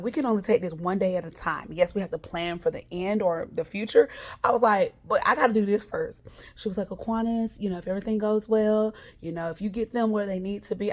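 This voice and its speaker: A woman hosting a podcast, telling her week's story in a candid, chatty way and talking straight to her listeners. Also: on the low side. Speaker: podcast host. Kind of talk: casual storytelling monologue.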